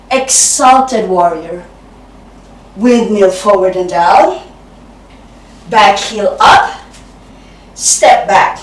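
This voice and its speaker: A woman who teaches yoga and leads a class with short, calm cues and breathy exhales, out of breath at times. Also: on the high side. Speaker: yoga instructor. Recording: roomy, from a distance.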